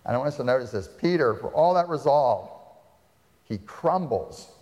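A man's voice: mid-range voice, expressive, moderate pace, a little mellow. Man preaching in a reverberant hall. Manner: dramatic retelling with rhetorical questions. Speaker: pastor. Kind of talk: sermon. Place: church sanctuary.

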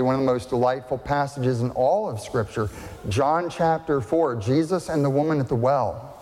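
Male pastor, sermon, emphatic and conversational, mid pitch, long hall reverb. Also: darkish tone. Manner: conversational, emphatic, rhetorical questions.

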